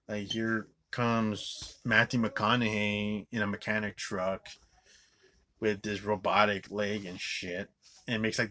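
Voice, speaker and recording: Man, low-ish voice with a sharp edge, profane rambling reviewer. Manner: rambling with constant "like" fillers and restarts; swears often, scornful. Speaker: movie reviewer. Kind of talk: profane ranting movie review.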